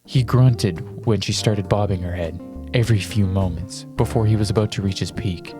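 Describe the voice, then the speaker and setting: A man's voice: fairly low pitch, moderate pace, over music. A man reading fanfiction aloud in a dramatic style, breaking off for amused, flustered asides. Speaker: reader.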